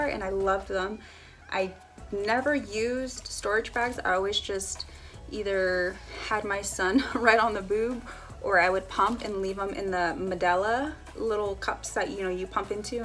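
A woman's voice: medium pitch, a bit bright. A young woman chatting casually as she unboxes baby samples for a family vlog, giggling now and then. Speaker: family vlogger.

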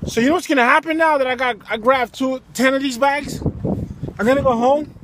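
Loud, profane man ranting outdoors. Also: very high-pitched, steady tone, normal speed, noisy background. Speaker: vlogger. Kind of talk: casual phone vlog. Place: store parking lot outdoors.

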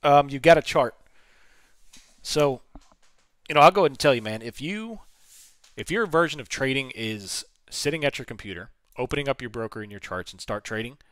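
A man hosting a casual trading livestream, his voice hoarse from talking, answering viewer questions and reading numbers off charts. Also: mid-range voice, lively intonation, a little fast, fairly bright tone, no room sound, clean studio sound.

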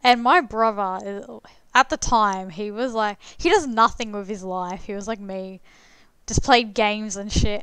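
A woman's voice: medium pitch, normal speed, fairly bright tone, smooth, no echo. A young adult woman streamer telling a story casually while playing a game, chatty and swearing freely, full of "like" fillers.

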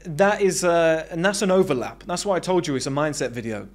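A man's voice: on the high side, lively intonation, fast, few pauses. A British man delivers an off-the-cuff motivational monologue as a self-improvement coach. He is blunt and emphatic and swears freely. His voice sits a touch above the usual male range.

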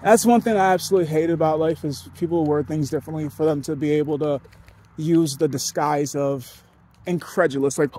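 A man's voice: fairly high pitch, fairly even intonation, brisk, mellow. A young man rambling through a casual podcast monologue, profane and often laughing. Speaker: podcast host.

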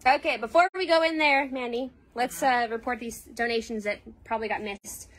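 A woman's voice: a little high, steady tone, a little fast, a bit bright. A woman hosting a casual livestream from inside a cat shelter, chatty and upbeat as she reads out donations. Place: cat shelter room indoors. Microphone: phone.

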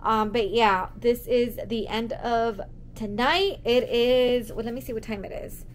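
A woman's voice: a little high, measured pace, a little hiss or hum. A woman vlogging casually outdoors on a city street at night, tired and rambling, with lots of fillers. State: tired, sore feet. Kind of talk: casual travel vlog.

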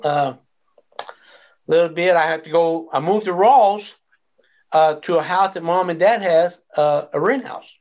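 A man with a slightly high voice speaks a little slowly and pauses often as he tells his life testimony in an interview. He's an animated storyteller, acting out the voices and quoted dialogue, and the recording sounds dull and lo-fi.

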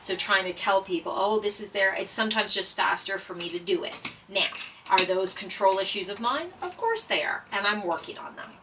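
A woman and former paramedic talking casually and earnestly while doing a jigsaw puzzle, halting with many fillers and holding back tears. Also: mid-range voice, lively intonation, recorded from a distance, background noise.

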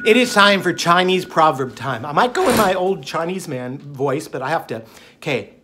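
A man's voice: a little high, expressive, moderate pace, sharp tone, soft background music. A man hosting his own diet channel, talking in a jokey, rambling way full of fillers and asides. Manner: jokey, digressive, lots of fillers. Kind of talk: casual rambling monologue.

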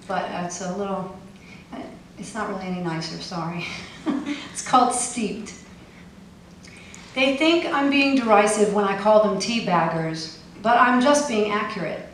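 A woman's voice: medium pitch, a little slow, pauses often, slight background noise. A woman poet giving a live poetry reading with a wry, pointed delivery and casual asides between poems. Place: poetry festival venue. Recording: echoey room, mic far off, faint ambience.

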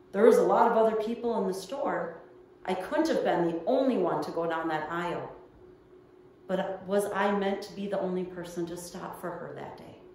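A woman's voice: mid-range voice, darkish tone, a little hiss or hum. A woman pastor delivering a midweek sermon, telling a personal story in an earnest, storytelling way. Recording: echoey room heard from far off.

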